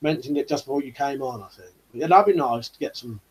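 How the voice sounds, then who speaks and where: Male streamer, husky, laid-back rambling chat. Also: mid-range voice, expressive, fast, darkish tone, low-quality recording. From United Kingdom. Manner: rambling, easygoing, full of fillers like 'you know'. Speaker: YouTube channel host. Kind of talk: casual live-stream chat, reading out viewer comments.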